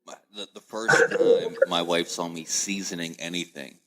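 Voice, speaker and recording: A man hosting a casual podcast chat, telling lively family stories and acting out the voices of relatives. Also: low voice, normal speed, crowd noise. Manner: animated storyteller, acts out family voices. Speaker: podcast host.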